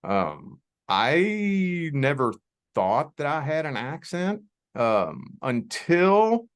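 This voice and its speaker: A man's voice: a little high, drawn-out words, clear, resonant tone. A man from the Kentucky area with a Southern accent, talking casually as an interview guest and often restarting his words. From Southern Indiana / Louisville, Kentucky area. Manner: relaxed, repeats words when starting, frequent "you know". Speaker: guest, spiritual reader.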